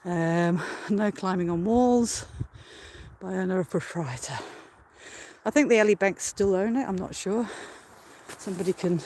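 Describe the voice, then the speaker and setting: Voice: mid-range voice, a little slow, a little mellow. A host chatting casually and rambling while walking outdoors on a hill, out of breath, laughing often, talking into a handheld phone. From Australia. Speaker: host of a live stream. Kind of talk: casual live-stream chat while walking. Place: outdoors on a hill by a ruined castle.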